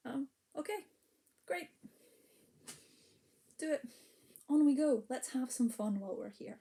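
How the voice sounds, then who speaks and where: A woman's voice: high voice, expressive, measured pace, gravelly, pauses often, mellow. A woman, a spoken word poet talking chattily before reading, dropping into whispered asides, heard over a video call.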